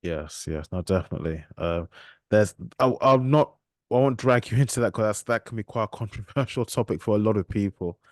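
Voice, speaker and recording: A man's voice: fairly low pitch, fairly quick, dry recording, clean studio sound. A man hosting a podcast interview, asking questions politely with a lot of hesitation. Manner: hesitant, many ums and restarts, polite. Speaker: podcast host.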